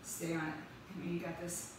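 A woman with a fairly low pitch and a completely flat delivery leads a live workout class, calling out counts and encouraging the group. Her manner is described as brisk counting and upbeat encouragement, recorded through a distant mic in a very echoey room with faint noise.

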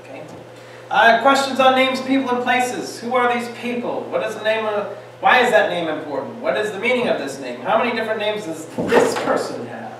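A man teaching a Bible class, lively and joking, firing off questions at his students. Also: high voice, fairly quick. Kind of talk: classroom lecture. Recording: echoey room, distant mic, faint hiss.

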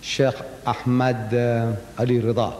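A man's voice: mid-range voice, measured pace, slight background noise. An older man, giving a public lecture as a Muslim speaker and telling stories with acted-out quotes. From South Africa. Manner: animated storyteller, acts out quoted speech. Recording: echoey hall with long reverb.

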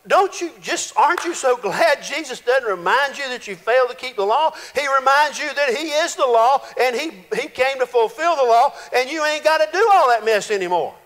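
Folksy high-voiced preacher. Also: male voice, normal speed, few pauses. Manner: folksy, animated preaching with playful voiced quotes. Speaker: pastor. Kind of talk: sermon. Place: church sanctuary. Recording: reverberant church hall.

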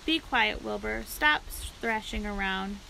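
Woman playing a wise storybook spider, calm and measured, bright tone. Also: medium pitch, creaky, a little hiss or hum, heavily acted, rough recording. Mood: firm. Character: wise, calm female spider, gentle and firm.

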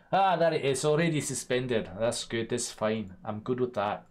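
A young man, chatting casually to viewers on a live stream, swearing and laughing, his voice often jumping loud and high. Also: lively intonation, moderate pace.

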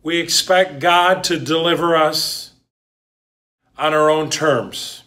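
Slow, deliberate male preacher. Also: fairly high pitch, sharp tone. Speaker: pastor. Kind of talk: sermon.

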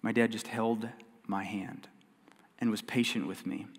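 Earnest preaching pastor with repeated phrases in a reverberant hall. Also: male voice, lowish voice, steady tone, a little slow. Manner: earnest preaching, swings between loud emphasis and quiet, repeats key phrases. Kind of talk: sermon. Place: church sanctuary. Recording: long church hall reverb.

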